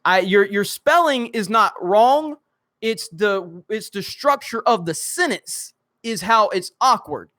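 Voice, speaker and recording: A young man with a Southern US drawl hosts a casual live stream and reads viewer comments aloud. His voice sits high and sounds bright and forceful. He hurries through the text, trips over words and laughs at his own slips. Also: lively intonation. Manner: joking, self-mocking, rushes through reading with restarts.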